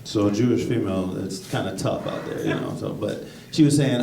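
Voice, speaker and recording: A man working a stand-up comedy set with a lowish, gravelly voice, rambling, correcting himself, and jumping into sudden high-pitched bursts. He is recorded from a distance in an echoey club, with the room's noise and audience laughter underneath. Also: wildly swooping pitch, fairly quick, few pauses. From United States.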